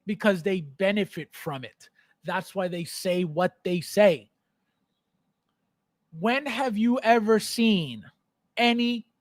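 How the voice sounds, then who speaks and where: A man's voice: sits high, no echo, clean studio sound. A man hosting a livestream, ranting bluntly and emphatically, repeating himself, swearing, and reading out viewer comments. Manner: emphatic, repetitive, blunt and profane; reads viewer comments aloud. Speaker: livestream host. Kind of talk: unscripted livestream rant.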